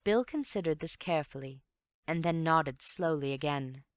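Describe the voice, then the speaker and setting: A woman narrating a mystery audiobook in a measured, even storytelling manner. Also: low-pitched, dry recording, clean studio sound. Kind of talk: scripted narration.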